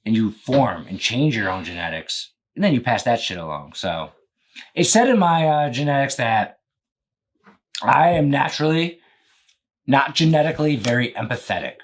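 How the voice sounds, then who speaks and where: A man's voice: mid-range voice, big pitch swings, normal speed. A young man hosting a casual podcast, rambling and joking, swearing freely. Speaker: podcast host and business owner.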